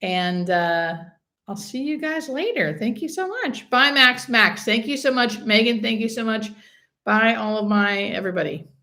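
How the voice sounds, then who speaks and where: A woman's voice: fairly high pitch, animated, normal speed, sharp tone. A woman, a hospice nurse, hosting a casual live stream, chatting and reading out viewer comments.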